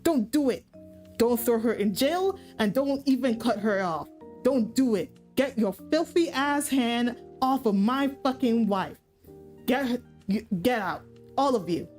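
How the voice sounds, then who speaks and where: A woman putting on a possessive prince who barks profane orders to clear the room. Her voice is pitched a bit above her normal tone. Soft music plays behind. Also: animated, measured pace. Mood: commanding. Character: possessive, commanding young prince husband.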